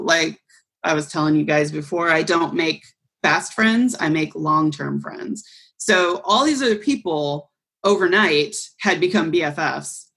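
A woman's voice: low voice, fairly bright tone, husky. A young adult woman on a podcast, telling a story casually and acting out the voices of people she quotes. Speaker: podcast co-host.

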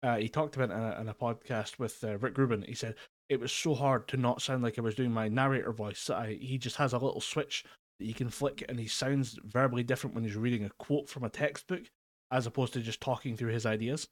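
A man co-hosting a casual podcast, talking in a rambling, easygoing way. He laughs often and trails through plenty of ums and likes, at a middling pitch. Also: fairly even intonation, fast talker. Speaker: podcast co-host. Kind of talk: casual chat. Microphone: remote call mic.

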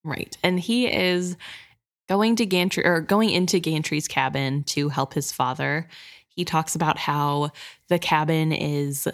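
A woman co-hosting a casual book discussion podcast, talking in an animated, exasperated way with many "like"s. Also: deep voice, measured pace. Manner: animated and exasperated, says "like" often. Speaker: podcast co-host.

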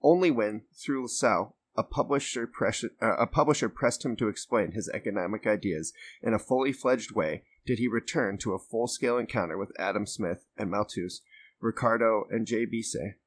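A man's voice: lowish voice, moderate pace. A young man on a podcast who reads a history text aloud and breaks off into loose, rambling chat full of fillers. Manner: reads steadily, then rambles with fillers and swearing. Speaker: podcast co-host reading aloud.

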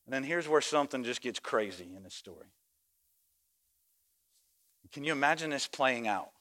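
A male pastor preaching a sermon. He acts out the voices of people in the story and swings between quiet reflection and loud, shouted exhortation. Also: medium pitch, expressive, moderate pace. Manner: acts out voices of story characters and church members.

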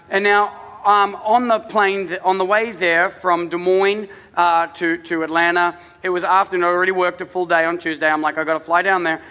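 A man's voice: high voice, pushed and bright, big-room sound. A man with an accent, a pastor telling a self-mocking, chatty story in a humorous sermon in a church. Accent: non-native English accent.

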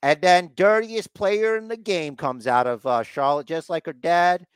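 Male podcast co-host, casual wrestling recap, slightly higher voice, dry close sound. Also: a little slow, smooth, no room sound. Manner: acts out wrestlers' lines in mock voices.

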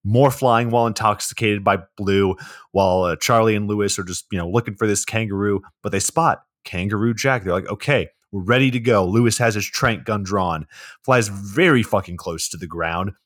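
A man's voice: fairly low pitch, moderate pace, dry recording, clean studio sound. A man co-hosting a podcast, recapping a movie plot in a laid-back way with lots of swearing and fillers. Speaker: podcast co-host.

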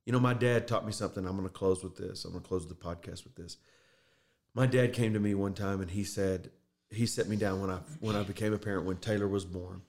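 A man's voice: deep voice, steady tone, brisk, a little mellow. A middle-aged man hosting a podcast, talking earnestly about faith and getting emotional as he tells a personal story. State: choked up. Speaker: podcast host. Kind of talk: casual faith talk.

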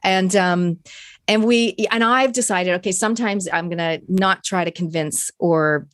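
A woman hosting a podcast, talking in an earnest, reflective, halting way. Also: lowish voice, no room sound, clean studio sound. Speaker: podcast host. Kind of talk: casual podcast chat.

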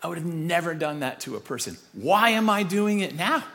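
A man giving a conversational, storytelling sermon with an animated delivery and self-deprecating chuckles. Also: a little high, brisk, in a large hall.

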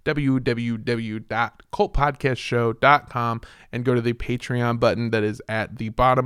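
A man co-hosting a casual podcast, reading sponsor shout-outs in a jokey, rambling way and laughing often. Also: mid-range voice, measured pace, few pauses, clear, resonant tone, no room sound, studio quality. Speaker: podcast co-host.

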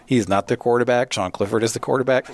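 A man's voice: medium pitch, fairly even intonation, fast talker, darkish tone, dry recording. A man co-hosting a casual sports talk show, running through game results with wry asides. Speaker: podcast co-host.

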